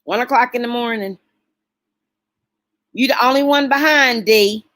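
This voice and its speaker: Slow-talking, emotional woman chatting on a livestream. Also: a little high, fairly bright tone, no room sound. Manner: emotional, folksy, talks straight to chat. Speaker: livestream host talking with viewers. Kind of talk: casual late-night livestream chat.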